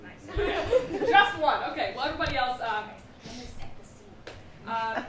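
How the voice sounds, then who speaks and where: A young woman performing a stand-up comedy set on a theatre stage, telling animated stories with asides to the crowd. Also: high-pitched, moderate pace, distant mic. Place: theatre stage with a live audience. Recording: roomy hall recorded from afar, noisy.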